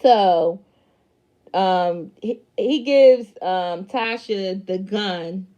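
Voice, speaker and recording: A woman's voice: mid-range voice, extremely slow, mellow. A woman recapping a TV episode in casual, emphatic talk, swearing freely and using many fillers. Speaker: TV show reviewer.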